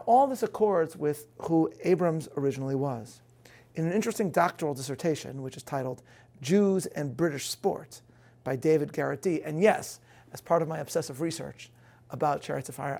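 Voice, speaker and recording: A man's voice: on the high side, vocal fry, a little mellow, husky. A man giving a prepared talk on faith to an audience, earnest and building emphasis, with a few self-deprecating asides.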